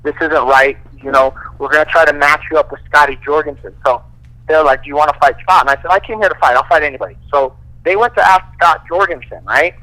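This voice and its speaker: A man, a fighter guest, casually telling profane, animated stories full of quoted dialogue. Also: fairly high pitch, fast, low-quality recording. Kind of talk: casual storytelling.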